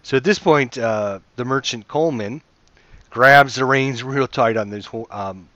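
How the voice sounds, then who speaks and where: A man's voice: mid-range voice, unhurried, fairly bright tone, no echo, dull audio. A man acting as game master, narrating a tabletop game in a rambling way, full of fillers and restarts, over a computer mic. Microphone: computer mic over voice chat.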